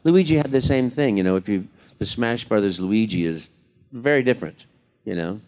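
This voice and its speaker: A man's voice: on the low side, animated, normal speed. A man answering fan questions at a convention panel, reflective and encouraging. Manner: warm-hearted, reflective and encouraging. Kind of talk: casual panel Q&A.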